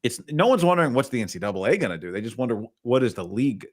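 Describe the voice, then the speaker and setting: A man's voice: medium pitch, big pitch swings, rapid-fire. A man hosting a casual sports podcast, talking in a rambling way with restarts mid-thought. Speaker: podcast host.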